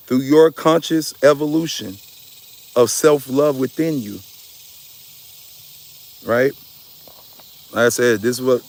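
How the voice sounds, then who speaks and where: A medium-pitched male spiritual speaker gives a passionate, preachy talk with lots of emphasis. Slang and profanity run through it, and "y'all" is his frequent way of addressing listeners.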